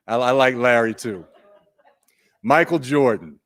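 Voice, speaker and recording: A man presenting at an online training day, unhurried and conversational, putting questions to his audience. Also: mid-range voice, expressive.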